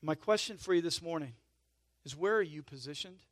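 A man preaching a sermon in a conversational way, checking in with "right?" and "okay?" and swinging from emphatic swells to soft asides. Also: a little high, brisk, no room sound, clean studio sound. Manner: emphatic swells in volume, then drops to soft intimate asides. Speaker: pastor.

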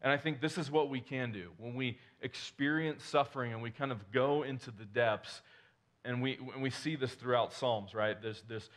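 A man's voice: mid-range voice, normal speed, fairly bright tone. A male pastor preaching a conversational sermon, asking the congregation rhetorical questions and restarting his sentences as he goes.

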